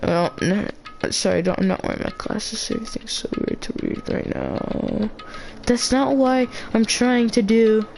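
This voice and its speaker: A woman's voice: fairly high pitch, unhurried, creaky, darkish tone, soft background music. A woman playing a video game who reads its dialogue aloud, often tripping over words and restarting them. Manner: stumbling, restarts words while reading. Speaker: let's player.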